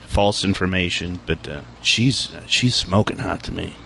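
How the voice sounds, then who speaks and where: A man's voice: sits low, a little slow, vocal fry, sharp tone, a little hiss or hum. A man chatting offhandedly as co-host on a casual talk show. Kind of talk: casual talk radio banter.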